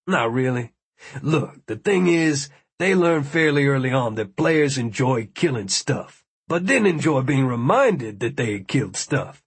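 A man's voice: mid-range voice, expressive, measured pace, husky. A man voicing an easygoing young man who casually explains things.

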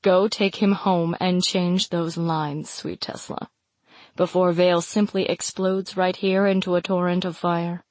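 A woman voicing a warm, playful young man who teases in a conspiratorial half-whisper. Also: on the low side, little pitch movement, measured pace, no room sound, pitched below the performer's own voice, lightly acted. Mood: teasing.

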